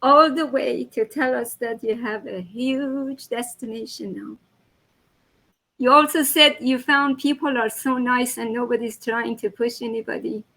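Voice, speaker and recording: Woman host, high voice, unhurried, effusive. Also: fairly even intonation, poor audio. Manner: warm and effusive with praise, slow. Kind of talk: hosting an online meeting.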